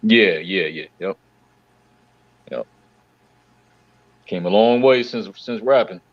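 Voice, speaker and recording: A man's voice: fairly low pitch, lively intonation, takes it slowly, no room sound, highs cut off. A man co-hosting a casual chat, talking in a laid-back, rambling way.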